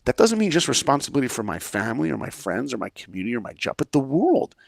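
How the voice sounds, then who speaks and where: Animated gravelly-voiced male storyteller. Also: quick pace, no room sound, studio quality. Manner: energetic, acts out quoted lines with big swings in pitch and volume. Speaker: podcast guest, filmmaker and speaker.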